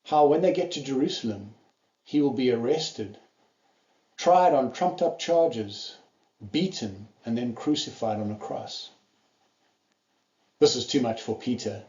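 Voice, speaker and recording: A man's voice: mid-range voice, lively intonation, unhurried, pauses often, dark tone, highs cut off. Man preaching a sermon in an echoey hall. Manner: earnest storytelling, acting out quoted lines.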